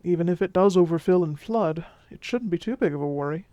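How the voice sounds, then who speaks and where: Smooth flirty vampire guy w/ mexican accent, mellow tone, teasing then hushing softly, a voice actor doing him. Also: mid-range voice, brisk, no room sound, natural voice. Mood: reassuring. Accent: Mexican Spanish accent, put on by the figure. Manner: teasing, warm, soothing, drops to whispers. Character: charming flirtatious male vampire, protective. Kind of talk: audio role-play drama.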